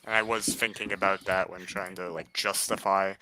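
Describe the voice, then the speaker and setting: A man's voice: low voice, flat delivery, normal speed, sharp tone, a little hiss or hum. A hesitant man chatting as a guest on a stream, with short replies. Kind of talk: casual chat.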